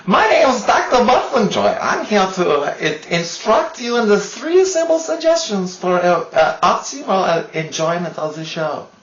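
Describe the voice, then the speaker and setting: A man hams it up as a goofy mustached doctor with a put-on German accent, pitched high and bouncing all over the place. He stumbles through his showman patter, and the lo-fi sound rings around a roomy space. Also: sing-song, a bit bright, full character voice. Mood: jolly. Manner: hammy, halting showman patter.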